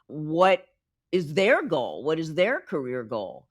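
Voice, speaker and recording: Woman communication coach, podcast guest; emphatic, animated delivery, dry studio sound. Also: sits low, slow, no echo. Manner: lively, emphatic, teaching by example. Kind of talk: podcast interview.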